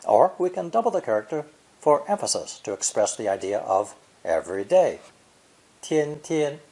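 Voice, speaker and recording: A man narrating a scripted language lesson in a measured way, modeling each sound as he explains it. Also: lowish voice, sing-song, warm tone. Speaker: language teacher.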